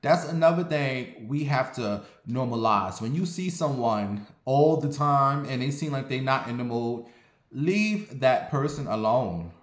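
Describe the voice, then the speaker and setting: He's a man in his forties who vents and tells stories in a blunt, sassy, profane way. His pitch sits in the middle range, and a roomy echo hangs around his voice. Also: animated, unhurried. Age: 40s. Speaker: vlogger. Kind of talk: casual storytelling monologue.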